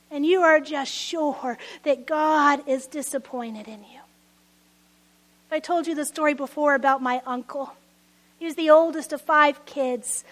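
A woman preaching a sermon, earnest and pleading, swelling louder on her appeals and dropping to near-whispers on tender lines. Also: high-pitched.

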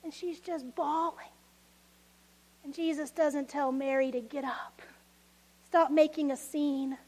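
A woman preaching a sermon, expressive and laughing often, acting out voices of people from the story. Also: high-pitched, takes it slowly.

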